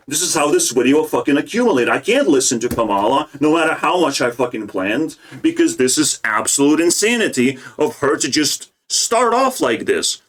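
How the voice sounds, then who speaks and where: Young guy ranting hard, swearing a lot, kinda high voice, fired up. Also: sing-song, normal speed, few pauses, a bit bright. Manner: profane, agitated, ranting. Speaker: political commentator. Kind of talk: ranting reaction commentary.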